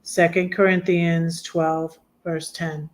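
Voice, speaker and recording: Soft-spoken woman reading her poems. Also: on the low side, level tone. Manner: soft-spoken, often dropping to a hushed murmur; halting, with frequent restarts and trailing off. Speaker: poet and blogger hosting a live stream. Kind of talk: casual live chat and poetry reading.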